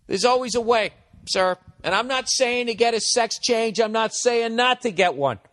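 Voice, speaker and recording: This Boston-accented comedian in his forties hosts a podcast and rambles through advice in a very high voice at normal speed, a bit bright, with a big-room sound. He's blunt and profane, playing harsh before he turns encouraging.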